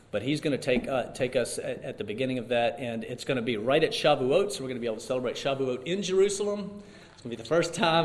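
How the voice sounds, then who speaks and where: A man teaching a Bible class and leading prayer, excited and rambling with many restarts. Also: medium pitch, reverberant, a little hiss or hum.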